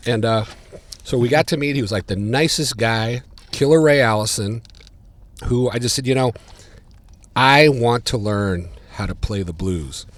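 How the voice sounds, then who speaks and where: A man, a podcast guest telling stories in casual chat, getting louder and higher as he relives them. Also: normal speed. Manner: animated, gets louder and higher when retelling. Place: diner.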